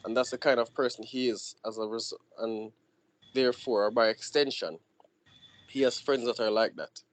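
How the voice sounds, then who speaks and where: A man's voice: mid-range voice, normal speed, slight background noise. Earnest man making his point. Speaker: podcast co-host. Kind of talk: casual discussion.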